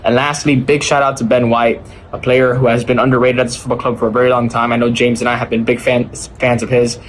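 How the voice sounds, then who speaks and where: A man with an American accent, giving his opinions in a measured, even-handed way in a recorded fan message. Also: medium pitch, a little hiss or hum. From United States. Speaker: fan sending a video message.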